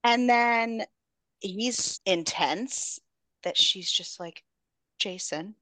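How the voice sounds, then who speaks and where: Lively woman retelling a book. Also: medium pitch, very slow, dry recording. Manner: animated storytelling, jumps into characters. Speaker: book club podcast host. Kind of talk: casual book recap.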